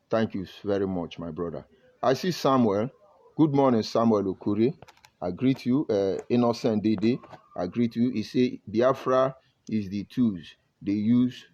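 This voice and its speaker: A man's voice: mid-range voice, a little mellow, lo-fi sound. A Nigerian man with a Nigerian accent giving emphatic live-stream commentary and greeting viewers from the comments. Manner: emphatic, preachy, reads viewer comments aloud. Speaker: online broadcaster.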